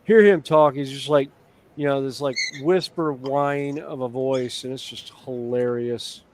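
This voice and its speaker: A man's voice: medium pitch, fairly even intonation, unhurried, a little mellow, slight background noise. A man chatting casually as a live stream host, telling rambling stories full of fillers and restarts. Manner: rambling, filler-heavy storytelling. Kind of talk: casual chat.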